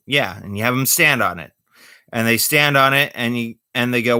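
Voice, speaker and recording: A man chatting casually on a vlog about magic tricks, rambling and halting with many fillers and corny jokes. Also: mid-range voice, animated, pushed and bright, clean tone, dry recording, clean studio sound. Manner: corny jokey delivery. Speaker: vlogger showing magic tricks.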